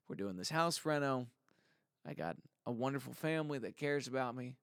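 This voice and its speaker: A man talking straight to his viewers in a loose, rambling monologue. He drifts between sincere gratitude and goofy asides. His voice sits at an everyday middle pitch, and the sound is dry and close, with no room echo. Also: expressive, brisk, clean tone. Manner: rambling, heartfelt and jokey. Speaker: musician vlogger. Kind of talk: casual monologue to camera.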